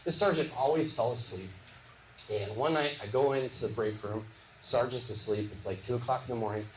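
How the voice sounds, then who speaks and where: A man doing lively stand-up comedy, telling punchy stories with quick voiced asides on a live stage. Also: medium pitch. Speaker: stand-up comedian and former police officer. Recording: echoey venue with clear background noise.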